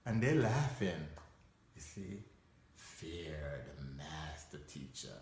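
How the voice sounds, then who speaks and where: A man's voice: fairly low pitch, slow pace, a little mellow. A man giving a reflective motivational talk, acting out quotes with sudden jumps in his voice. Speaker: motivational speaker. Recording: echoey room.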